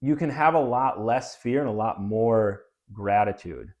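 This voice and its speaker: A man's voice: lowish voice, unhurried, darkish tone, dull audio. A man co-hosting a casual wellness talk show, explaining ideas through analogies in a conversational way, often restarting his sentences. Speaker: podcast co-host.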